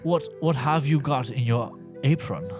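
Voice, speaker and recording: A man's voice: medium pitch, expressive, unhurried, music in the background, close to an everyday voice. A man voicing a sly, crafty male wolf in a fairy tale, reading it aloud for laughs in a mock-British manner.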